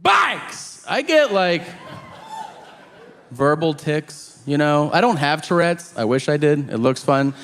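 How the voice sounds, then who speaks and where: A man telling a stand-up story on a club stage into a handheld mic, animated and laughing at his own jokes. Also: on the high side, unhurried, big-room sound, slight background noise. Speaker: stand-up comedian. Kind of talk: stand-up comedy.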